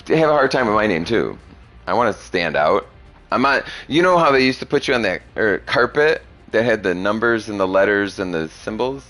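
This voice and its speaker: A young man with a low but bright, forceful voice that swings widely in pitch. He chats crudely and profanely, rambling and laughing, over faint background music. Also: sing-song, moderate pace. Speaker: streamer chatting with a young viewer. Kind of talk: casual chat.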